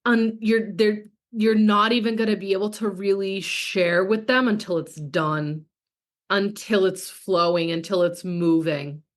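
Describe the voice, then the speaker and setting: A woman's voice: mid-range voice, fairly even intonation, unhurried. Frank, swearing woman coach. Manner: frank, casual, profane, reads out chat comments. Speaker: business coach. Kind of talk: coaching call.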